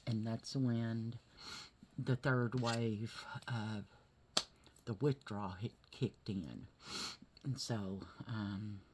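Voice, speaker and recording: A woman talking through a hard day in a vlog, teary and halting, often asking "okay?" and sometimes dropping to a whisper. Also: rumbling low, fairly even intonation, noisy background. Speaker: vlogger. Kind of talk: emotional personal vlog.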